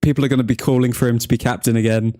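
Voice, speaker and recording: A man's voice: mid-range voice, little pitch movement, very fast, mellow, dry recording. A young man from England hosting a football watchalong stream, chatting to viewers, joking and laughing often. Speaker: watchalong livestream host. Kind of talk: casual live chat to viewers.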